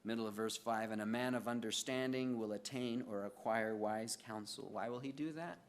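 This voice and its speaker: A man's voice: on the low side, normal speed. A middle-aged male pastor preaching a sermon in a conversational way, acting out little everyday dialogues as he goes. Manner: conversational, acts out little dialogues with lively swings of voice.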